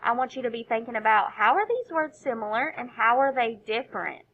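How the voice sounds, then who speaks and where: A woman's voice: on the high side, animated, a little fast, slight background noise. A woman teaching a recorded phonics lesson to young children, sounding out each letter and praising often. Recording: dull, lo-fi recording.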